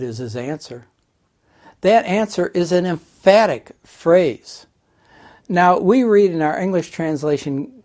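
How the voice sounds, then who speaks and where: A man preaching a sermon, teaching slowly and deliberately through Bible passages. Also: on the high side, warm tone. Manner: slow, deliberate Bible teaching with scripture readings.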